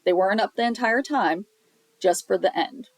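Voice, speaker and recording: A woman teaching a sign language lesson, explaining step by step in a patient, plain way, often pausing on um. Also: medium pitch, dry recording, low-quality recording. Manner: patient, explanatory, with frequent um fillers. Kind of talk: recorded classroom lesson.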